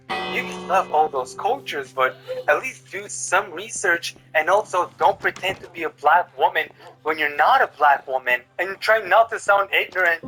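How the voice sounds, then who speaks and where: A man's voice: fairly high pitch, pushed and bright, poor audio. A man hosting a reaction video, giving sarcastic, mocking commentary on clips.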